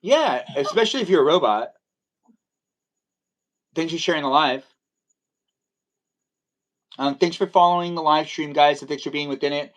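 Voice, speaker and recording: A man's voice: on the high side, moderate pace, pauses often. A man hosting a casual live stream, chatty and welcoming, rambling a little as he talks with guests. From Armenian heritage.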